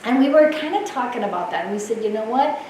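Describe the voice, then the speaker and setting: Woman, nurse speaker, high voice, lively storytelling, laughing, echoey hall, distant mic. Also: fast talker, slight background noise. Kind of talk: storytelling keynote talk.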